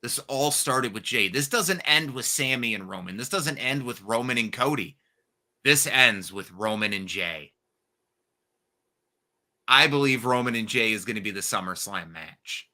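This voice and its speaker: A young adult man co-hosting a casual wrestling podcast, telling the story with excited, profane energy. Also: medium pitch, measured pace. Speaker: podcast co-host.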